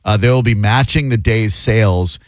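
A man's voice: on the low side, moderate pace, dry recording. A man hosting a call-in radio show, blunt and mocking as he trades insults with callers. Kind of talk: brash call-in radio banter.

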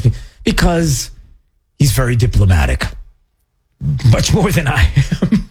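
A man hosting a radio talk show, chatting casually and sarcastically, sometimes jumping into mocking high voices. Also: big pitch swings, moderate pace, long pauses, darkish tone, slightly rough.

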